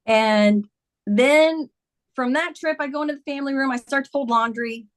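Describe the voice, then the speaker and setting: A woman's voice: sits high, moderate pace. A woman in her fifties, a podcast guest, earnestly retelling a personal story in conversation, with many "like"s.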